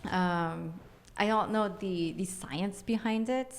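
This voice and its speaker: A woman's voice: medium pitch, slow. A woman guest, an energy healer, telling a story casually, acting out scenes and laughing often.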